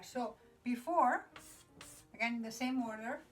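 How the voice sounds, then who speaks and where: A woman's voice: on the high side, normal speed, fairly bright tone, faint music behind. A woman teaching Spanish grammar at a whiteboard, explaining patiently in English with Spanish examples and checking in with "okay?" often. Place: classroom with a noisy whiteboard.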